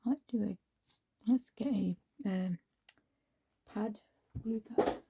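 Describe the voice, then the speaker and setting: A woman's voice: mid-range voice, slow pace, very noisy. A woman chatting to herself as she crafts, often dropping into a whisper. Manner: chatty, talks to herself while working, drops into whispers. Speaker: crafting vlogger. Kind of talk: casual crafting commentary.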